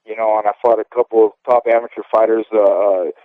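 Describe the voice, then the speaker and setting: A man's voice: on the low side, fairly even intonation, fast talker, no echo. A man in his fifties, a former boxer, talking candidly and at length in a casual interview, often checking in with the listener as he goes. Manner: candid and rambling, often tags "okay?". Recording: tinny dry phone line.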